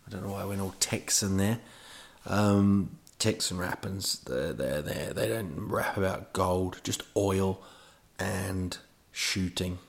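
A man's voice: low-pitched, slow, vocal fry. A man hosting a podcast, telling a rambling comic monologue full of digressions and self-mocking asides. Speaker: podcast host.

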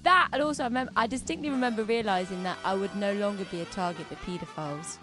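A young woman guest on a comedy radio show, telling a story in a cheeky deadpan way. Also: medium pitch, fast, music in the background. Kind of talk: casual comedic chat.

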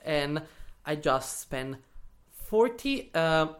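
A man's voice: on the high side, drawn-out words. Italian guy on a podcast, chatty, lots of uh and um, dry sarcastic humor. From Italy. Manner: animated, many fillers, playful sarcasm. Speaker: podcast guest. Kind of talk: storytelling in casual interview.

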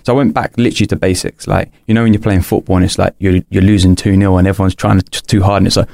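A man's voice: sits low, level tone, quick pace, creaky, darkish tone, no room sound. A young man, a podcast guest, candidly telling a personal story in an earnest, rambling way, full of restarts and fillers.

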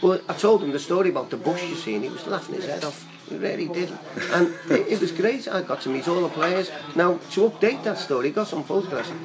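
Older man, quick rambling storyteller, fairly high voice, music under the talk. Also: lively intonation, poor audio. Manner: rambling, chatty, laughing storyteller. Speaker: guest fan. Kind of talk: casual storytelling.

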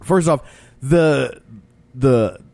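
A man's voice: mid-range voice, very slow, vocal fry, background noise. A man co-hosting a casual movie chat, picking apart a film with wry remarks. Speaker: podcast host.

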